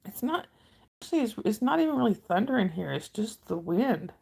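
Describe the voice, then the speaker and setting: A woman's voice: mid-range voice, very animated, brisk, vocal fry, a little mellow, slightly rough. A middle-aged woman from northern Georgia with a Southern drawl, chatting on her livestream and answering viewer comments in a rambling, friendly way. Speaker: livestream host. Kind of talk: casual livestream chat.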